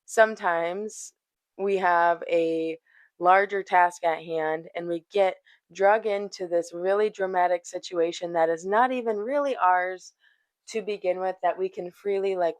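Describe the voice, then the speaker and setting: A woman's voice: on the low side, no room sound. A woman hosting a yoga talk, chatty and loose, cursing and laughing as she tells a story. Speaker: yoga teacher and podcast host. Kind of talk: casual spiritual talk.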